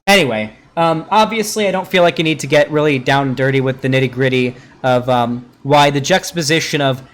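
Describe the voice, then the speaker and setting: A man's voice: medium pitch, brisk, few pauses. A man doing casual live-stream commentary on a video, rambling and sarcastic, with frequent swearing.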